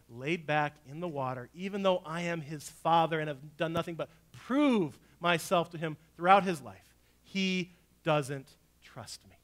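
A man preaching a sermon as pastor, telling a family story and swinging between hushed, low lines and loud, urgent ones.

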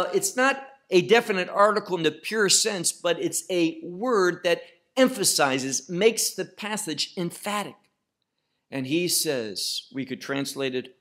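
A man teaching verse by verse through a Bible passage, slow and emphatic, asking and answering his own questions. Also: fairly high pitch, bright, forceful tone.

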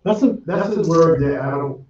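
A man hosting a morning radio show, chatting casually with co-hosts, laid-back and quick to laugh. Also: a little high, darkish tone, echoey room. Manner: laid-back, laughs often, muses aloud. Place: radio studio. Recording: slightly muffled studio mic with faint background hiss.

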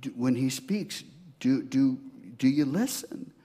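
A man pastor preaching a sermon, swinging from loud emphasis to hushed, near-whispered asides. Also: mid-range voice, expressive, slow pace.

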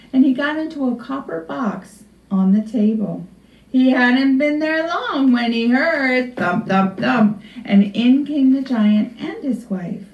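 A woman librarian reading a storybook aloud to children in an expressive, unhurried way. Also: on the high side, creaky. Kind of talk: storybook read-aloud for kids. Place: library room. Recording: echoey room, far from mic, dull.

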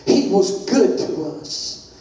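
An older man, a pastor preaching a sermon with impassioned, sing-song delivery that rises into shouts. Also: slow. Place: church sanctuary. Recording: very echoey church, far from mic, faint hiss.

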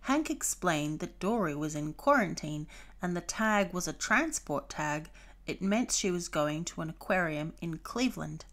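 A woman reading a children's storybook aloud, clear and expressive. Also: on the low side, a little slow.

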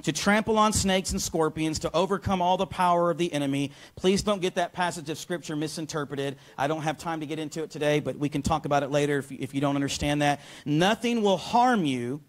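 Energetic preaching pastor, slightly high voice. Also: male voice, fairly quick, hardly any pauses. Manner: energetic, calls for responses from the congregation. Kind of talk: sermon. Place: church sanctuary.

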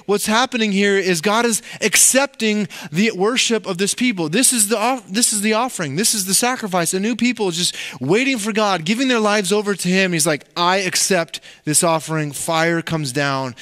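A pastor delivering a sermon in a church, his voice sitting a little high for a man. He preaches in a relaxed, conversational way, bouncing between scripture and playful asides to the people in front of him.

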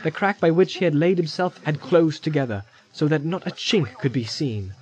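A man giving dramatic fantasy audiobook narration in a measured, vivid storytelling manner. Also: a little high, animated, darkish tone, low-quality recording. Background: music score.

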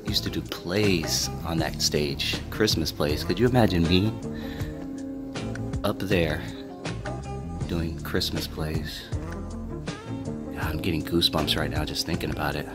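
A man talking casually as he walks and films, reminiscing and sometimes dropping to a hush. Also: a bass voice, a little slow, long pauses, over music. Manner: reminiscing, hushed at times. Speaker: vlogger. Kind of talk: casual walking vlog.

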